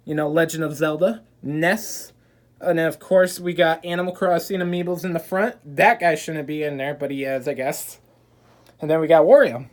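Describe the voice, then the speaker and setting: Her voice sits low and a little mellow, with fairly even intonation at normal speed. Holding her phone camera, this video creator walks through her game room at home, narrating casually and cheerfully with plenty of fillers.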